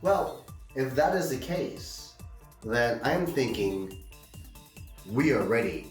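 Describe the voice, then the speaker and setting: A man's voice: medium pitch, big pitch swings, takes it slowly, distant mic. A man hosting a casual beer-review show, talking in a goofy, rambling way. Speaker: podcast host. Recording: roomy, off-mic, faint music.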